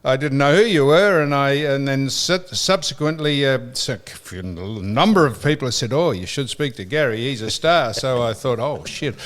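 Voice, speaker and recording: A man's voice: medium pitch, animated, moderate pace, few pauses, a bit bright. An Australian man hosting a casual podcast chat, telling a story animatedly, acting out both sides of a phone call, swearing freely and laughing between lines. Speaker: podcast host.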